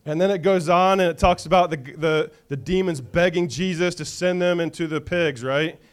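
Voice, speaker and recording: A man's voice: on the high side, fairly even intonation, normal speed, smooth. A male pastor preaching a conversational sermon, often checking in with the congregation.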